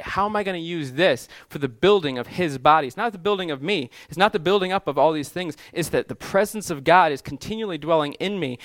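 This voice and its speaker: A male pastor delivering a sermon, his voice sitting a little higher than most men's. He speaks earnestly, circling back over his words and pushing up in pitch as he stacks points into lists. The sound is dry and close, with little room around it. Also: fairly bright tone, no echo. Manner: earnest, repetitive restarts, rising emphasis in lists.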